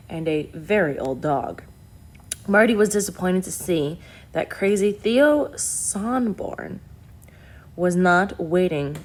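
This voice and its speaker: A woman reading a novel aloud in a steady, plain storytelling manner. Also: on the low side. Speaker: audiobook reader.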